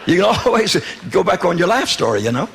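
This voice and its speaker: A man's voice: high voice, big pitch swings, fast talker, creaky, a bit bright, slight background noise. A man from the South, preaching his testimony in a folksy, humorous way and acting out dialogue. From Southern United States. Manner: folksy, humorous, wry storytelling with quoted dialogue. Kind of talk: sermon testimony storytelling.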